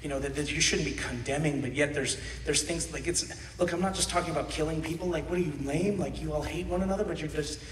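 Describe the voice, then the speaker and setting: A man in his thirties preaching a sermon, animated, swinging between shouts and quiet asides, laughing often. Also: on the high side, fast, few pauses, slight background noise. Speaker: pastor. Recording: echoey hall from far off.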